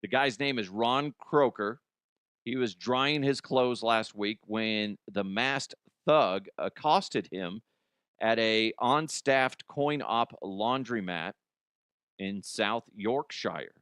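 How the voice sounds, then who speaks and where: A man's voice: lowish voice, slow pace, a bit bright, clear, resonant tone, no room sound, studio quality. Laughing man riffing on odd news. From Colorado, US. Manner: rambling, laughs often, crude jokes. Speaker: comedy news host. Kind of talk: casual comedic news commentary. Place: studio.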